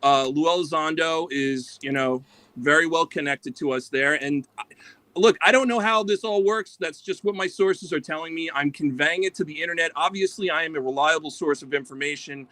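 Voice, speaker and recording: This man speaks in a deadpan, sarcastic tone as a caller in a live audio chat. His voice is bright and edged, and it sits a little above the usual pitch. The sound is dry, with no room around it. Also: normal speed, dry recording. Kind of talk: casual chat.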